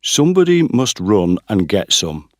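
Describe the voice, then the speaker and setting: A man's voice: lowish voice, big pitch swings, unhurried, no echo. Man doing farmer father, raised voice, commanding, in charge, dry close sound. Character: middle-aged farmer father, brisk and in charge.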